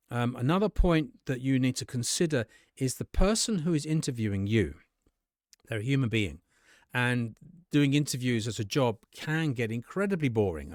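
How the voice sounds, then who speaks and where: Guy teaching english to camera, chatty, pops his voice way up for example lines, dry close mic. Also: dry recording. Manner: conversational, acts out sample dialogues with bright jumps in pitch. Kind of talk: casual spoken lesson to camera.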